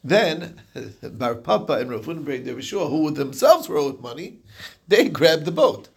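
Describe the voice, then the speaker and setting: A man leading a daily Talmud page lesson, telling the case as a story in a relaxed, conversational way and answering students' questions. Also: a little high, unhurried, gravelly, husky. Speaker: Talmud class teacher.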